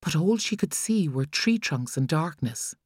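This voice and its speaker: A woman with an Irish accent reading a thriller audiobook in a measured, expressive way. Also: deep voice, breathy edge, no room sound, clean studio sound. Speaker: audiobook narrator. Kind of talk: scripted narration.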